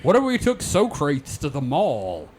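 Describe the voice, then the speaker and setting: A man's voice: a little high, huge pitch swings, measured pace, slight background noise. Joking man swearing casually on a podcast. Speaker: podcast co-host. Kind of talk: casual chat.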